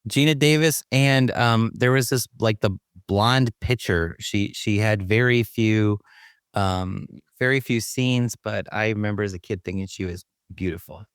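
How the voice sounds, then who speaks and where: A man's voice: on the low side, measured pace, clean tone, no room sound, studio quality. A man co-hosting a podcast, chatting casually in a playful, self-deprecating way and laughing easily. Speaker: podcast co-host. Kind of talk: casual chat.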